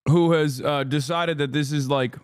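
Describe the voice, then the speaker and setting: Smooth-voiced sarcastic male streamer. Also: on the high side, steady tone, normal speed. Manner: combative, sarcastic, profane. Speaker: livestream host. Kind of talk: livestream reaction commentary.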